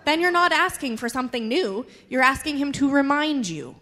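A woman with kids giving an animated personal testimony to her church congregation. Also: sits high. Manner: animated, quick storytelling. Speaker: church member sharing testimony.

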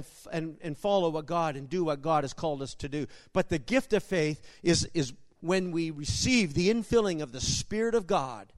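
A man preaching a sermon, telling stories with emphasis and bursting into shouts. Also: high voice, no echo.

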